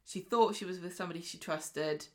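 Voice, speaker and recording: A British woman co-hosting a podcast, briskly retelling soap episodes and acting out the characters' lines in casual chat. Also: fairly low pitch. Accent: British English. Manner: brisk storytelling recap, acting out quotes. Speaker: podcast co-host.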